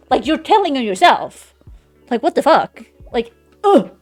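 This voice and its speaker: A woman's voice: high voice, very animated, a little slow, soft background music. Frank woman streamer. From Sweden. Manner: frank, swearing, venting in loose run-on sentences. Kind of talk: casual chat. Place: home streaming setup.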